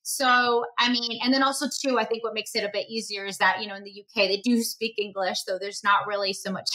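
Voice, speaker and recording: A woman's voice: mid-range voice, fairly even intonation, brisk, sharp tone, low-quality recording. A woman hosting a casual interview, chatty and affirming as she asks questions. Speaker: podcast host.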